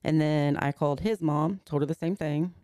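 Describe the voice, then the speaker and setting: A woman's voice: sits low, normal speed, mellow, dry recording, clean studio sound. A woman in her forties, a podcast guest, earnestly recounting a personal story step by step and slipping into the words of the people in it. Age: 40s.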